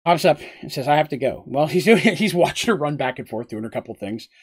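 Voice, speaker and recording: A man casually retelling a tabletop game story on a live stream, chatty and animated, with asides to his chat. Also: fairly high pitch, brisk, breathy edge.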